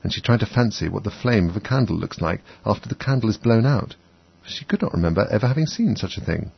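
A man reads a children's story aloud in a low, gravelly, husky voice. His narration is expressive and moves widely in pitch. The recording sounds dull and dry. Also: quick pace. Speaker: audiobook narrator.

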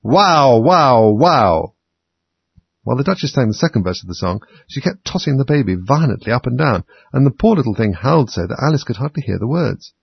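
A man reading a storybook aloud as narrator in a steady, measured way. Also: medium pitch, vocal fry, slightly rough, dry recording, lo-fi sound. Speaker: audiobook narrator.

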